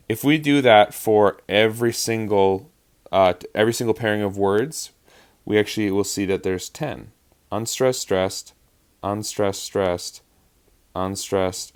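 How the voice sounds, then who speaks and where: A man teaching actors about verse rhythm in a lecture, explaining patiently and counting out beats to show stress. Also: fairly low pitch. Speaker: acting teacher.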